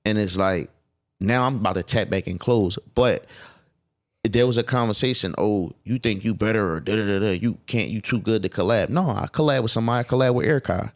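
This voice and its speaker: Man, podcast guest, somewhat low voice, emphatic, profane, casual chat. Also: brisk. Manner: emphatic, profane streetwise talk. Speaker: clothing designer guest.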